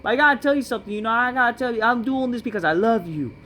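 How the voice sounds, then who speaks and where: A man's voice: extremely high pitch, rapid-fire, bright, forceful tone, a little hiss or hum, pitched above the performer's own voice. A man mocking an earnest male wrestler in a raised, whiny voice.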